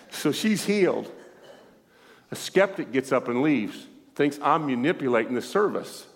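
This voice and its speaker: A male pastor preaching in a church, telling a healing story with lively, acted-out dialogue and frequent laughter. His mid-pitched voice rings out with a long reverb trailing behind it. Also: a little slow, creaky. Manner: animated, acts out dialogue, laughs often. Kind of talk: sermon storytelling.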